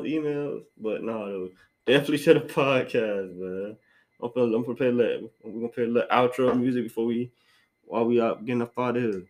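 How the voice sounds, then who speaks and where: A young man riffs through a casual solo podcast rant with loose slang, doubling back on his words as he goes. His pitch sits in an ordinary middle range. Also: rough recording. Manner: slangy, rambling, repeats himself. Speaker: podcast host.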